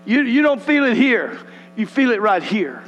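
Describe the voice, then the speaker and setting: A man preaching a sermon, animated and folksy, acting out the voices of the scripture passages. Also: very high voice, normal speed, lo-fi sound, faint music behind. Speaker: pastor. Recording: long hall reverb with mains hum.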